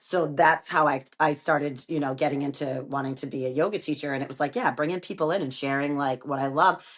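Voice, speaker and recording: Low-pitched woman chatting about running her yoga studio, lively storyteller who plays out the voices she quotes. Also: fairly quick. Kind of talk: casual conversation.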